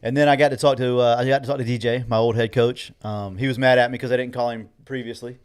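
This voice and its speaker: A man's voice: medium pitch, fairly even intonation, quick pace, clean tone. A middle-aged man, rambling through a story and quoting others as he co-hosts a casual chat show. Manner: rambling, quotes others in dialogue. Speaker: co-host.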